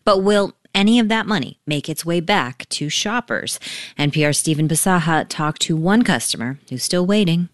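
A woman news anchor reading a scripted introduction in a crisp, formal way. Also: on the low side, lively intonation, moderate pace, dry recording, studio quality.

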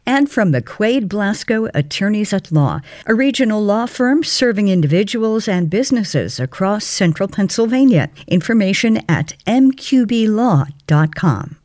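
A woman making station identification and sponsor announcements in a crisp announcing style. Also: medium pitch, lively intonation, normal speed, hardly any pauses, a little mellow, no room sound, clean studio sound.

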